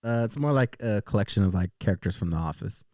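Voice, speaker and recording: A man chatting on a casual podcast, quick to joke and laugh as he tells a story. His pitch moves a lot, and the sound is close and dry. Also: dry recording. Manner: joking, animated storyteller who laughs a lot. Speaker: podcast co-host. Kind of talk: casual couple's podcast chat.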